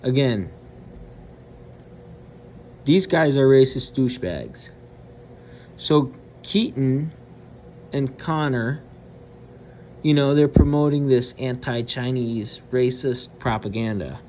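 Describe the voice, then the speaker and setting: Profane ranting commentary comes from this channel host, who talks slowly with long pauses, hesitating and filling gaps as he curses his way through blunt remarks. His voice is mid-range and slightly mellow, over a little hiss or hum.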